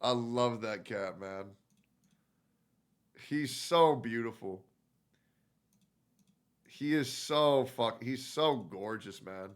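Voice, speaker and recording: A man's voice: medium pitch, very slow, pauses often, clean tone. A male streamer reacting casually on a live stream, swearing and gushing with frequent exclamations. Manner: profane, gushing, exclaims a lot.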